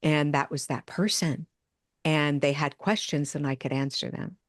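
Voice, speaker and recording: A woman's voice: low-pitched, normal speed, no room sound, clean studio sound. An older woman, a medium and addiction counselor, telling her story in a podcast interview and acting out remembered dialogue. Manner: animated, acts out remembered dialogue.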